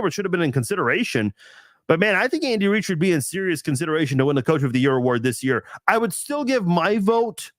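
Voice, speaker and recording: A man's voice: high voice, no room sound. A man hosting a casual live stream chat, thinking aloud with lots of restarts and fillers.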